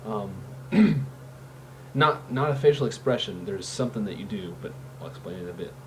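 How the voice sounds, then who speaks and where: Man, lowish voice, chatty tutor, lots of filler, faint room noise. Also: expressive, moderate pace, darkish tone. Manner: rambling, full of ums and restarts. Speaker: voice impression tutor. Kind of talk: casual how-to tutorial.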